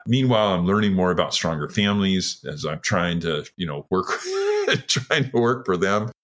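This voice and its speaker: His voice sits low but swings hugely in pitch, with a moderate pace and a slightly bright tone. He's a Washington State man in his sixties, a retired firefighter earnestly telling his story in an interview and performing other people's lines.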